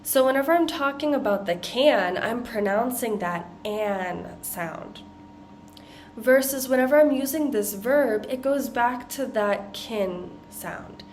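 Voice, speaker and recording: A woman with an American accent teaching pronunciation, modeling tongue twisters slowly and deliberately. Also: fairly high pitch, a little hiss or hum. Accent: General American. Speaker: accent coach. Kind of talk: pronunciation lesson.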